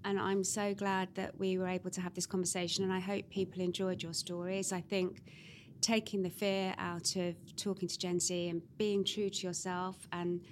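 A woman's voice: lowish voice, flat delivery, moderate pace, a little hiss or hum. A woman hosting a podcast, wrapping up an interview with effusive praise for her guest. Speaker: podcast host. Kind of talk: interview wrap-up.

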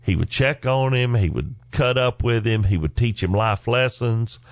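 A man in his forties, hosting a podcast, telling personal family stories in a folksy, animated way with chuckles along the way. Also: medium pitch, normal speed, no echo. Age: 40s. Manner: folksy, animated storyteller who chuckles between lines. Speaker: podcast host. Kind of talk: personal storytelling.

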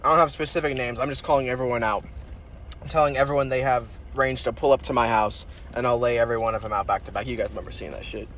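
A man's voice: medium pitch, fairly even intonation, fast talker, a bit bright, slight background noise. A man hosting a casual podcast, talking in a profane, boastful and swaggering way. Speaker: podcast host.

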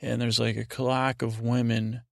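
A man hosting a sleep podcast, recapping a TV episode in a meandering, hesitant way, often breaking into quick impressions of the characters. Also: medium pitch, flat delivery, vocal fry, dry recording, studio quality. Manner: meandering, hesitant, acts out scenes in quick voices. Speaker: podcast host.

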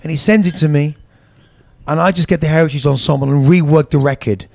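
A man with a fairly high, light voice tells stories in a loose, animated way. He swears freely and wanders from one tangent to the next in casual chat. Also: fast, gravelly, no room sound. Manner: animated, swearing, drifting between tangents and impressions. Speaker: guest musician.

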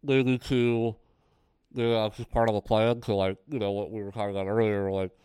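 A man co-hosting a podcast, talking about a film in a loose, animated way with many fillers. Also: fairly low pitch, a little fast, clean tone, no room sound. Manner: animated, loose, says "like" a lot. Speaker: podcast co-host. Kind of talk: casual film discussion.

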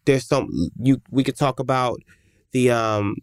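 A man, a musician guest telling a story in a lively, animated way and acting out other people's voices. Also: mid-range voice, unhurried, clean tone, no echo, clean studio sound. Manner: animated, acts out voices in stories. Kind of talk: conversational storytelling.

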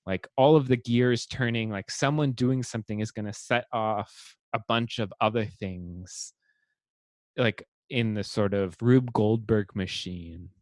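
A man co-hosting a podcast, chatting casually in a relaxed way, with many fillers and restarts. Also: lowish voice, measured pace, no echo, studio quality. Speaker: podcast co-host. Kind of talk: casual chat.

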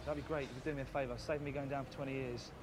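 A man's voice: mid-range voice, level tone, racing, natural voice. A man playing a shifty street hustler who pesters strangers for favours, wheedling and chummy, recorded outdoors on a city street. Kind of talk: comic street prank sketch. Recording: loud street noise, traffic behind.

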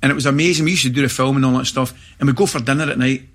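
A middle-aged man with a Scottish accent, a guest telling lively football and film stories in casual chat. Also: mid-range voice, very fast. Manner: animated anecdotes with laughter and acted-out shouts.

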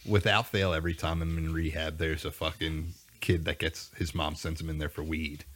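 A man's voice: rumbling low, flat delivery, normal speed, a bit bright. A young man chatting casually as a podcast co-host, telling stories in a laid-back, profane way. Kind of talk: casual chat.

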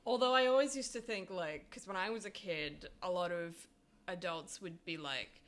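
Relaxed woman telling stories, low voice. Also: normal speed. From outside the United States. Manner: relaxed storytelling, laughs easily. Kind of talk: casual chat.

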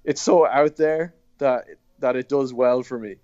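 A man's voice: mid-range voice, unhurried, mellow, clean tone, no echo, highs cut off. A young man, a YouTuber guest, chatting in a rambling way full of fillers. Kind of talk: casual interview chat.

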